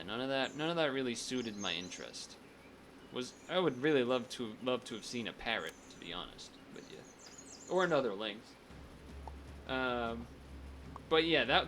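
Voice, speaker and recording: A man's voice: medium pitch, a bit bright, slight background noise. A man streaming a strategy game, chatting casually and thinking aloud, often restarting his sentences. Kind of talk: casual gameplay commentary.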